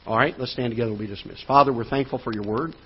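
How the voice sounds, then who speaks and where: A man's voice: medium pitch, very fast. Man, pastor, earnest sermon, church auditorium, muffled lo-fi sound, faint hiss. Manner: earnest preaching with rising emphasis and quiet drops.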